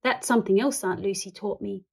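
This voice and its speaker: A woman's voice: medium pitch, fairly quick, creaky, husky. A woman voicing a polite, earnest young male bear in a children's storybook reading, speaking in a plain, matter-of-fact way.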